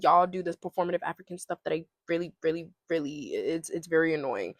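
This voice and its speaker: A woman's voice: deep voice, lively intonation, fast talker, dry recording. A young woman from Ghana, recording a casual solo rant, opinionated and sarcastic. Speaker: podcast host.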